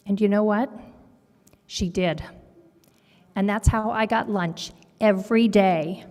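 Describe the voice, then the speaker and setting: Woman reading to kids at a service, unhurried, expressive, echoing hall. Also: medium pitch. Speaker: children's story reader at a worship service. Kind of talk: reading a picture book aloud. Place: congregation sanctuary. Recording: long hall reverb.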